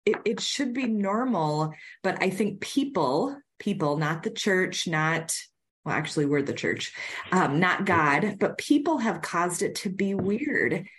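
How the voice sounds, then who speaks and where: A woman host with a fairly low voice talks about faith in a casual way. She speaks from the heart and often reacts with soft exclamations. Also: animated, unhurried, a little hiss or hum. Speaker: podcast host.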